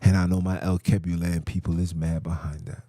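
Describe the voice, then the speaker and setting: Heated man with a warm, low voice. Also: little pitch movement, a little fast, dry recording. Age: adult. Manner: heated, fires off rhetorical questions, street slang. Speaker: podcast host. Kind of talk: ranting monologue.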